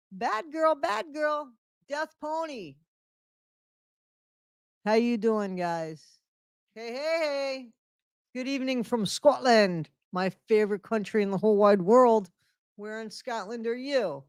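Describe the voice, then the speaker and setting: Middle-aged woman hosting a home live stream; chatty, repeats herself, slightly high, dry mic. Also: smooth, dry recording. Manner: greets viewers by name, repeats phrases. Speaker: livestream host. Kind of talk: casual live-stream chat.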